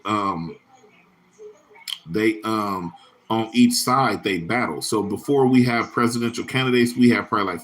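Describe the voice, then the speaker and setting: A man's voice: on the low side, a bit bright. Rambling, profane man hosting a livestream. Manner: rambling, profane, slangy, answers chat comments by name. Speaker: livestream host. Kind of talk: casual livestream chat with viewers.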